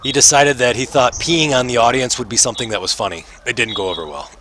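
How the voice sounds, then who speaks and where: Man, game master, relaxed, halting, fillers, noisy mic, mid pitch. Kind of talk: narrating a tabletop game.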